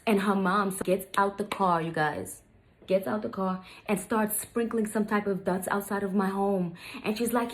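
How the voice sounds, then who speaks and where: A woman's voice: medium pitch, fairly even intonation, moderate pace. A woman in her thirties telling a personal story in a chatty, casual way, often turning to her viewers. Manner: chatty, repeats "you guys" to viewers. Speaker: vlogger.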